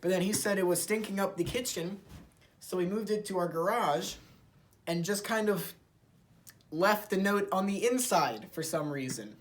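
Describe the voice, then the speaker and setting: A man's voice: sits high, lively intonation, moderate pace. A young man hosting a casual workshop vlog in his shed, easygoing and thinking aloud with fillers. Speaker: channel host.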